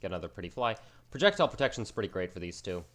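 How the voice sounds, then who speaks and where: A man's voice: sits low, sing-song, rapid-fire, a bit bright. A man giving casual, rambling commentary over his own gameplay, self-mocking and slangy as he plays. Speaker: gaming channel host.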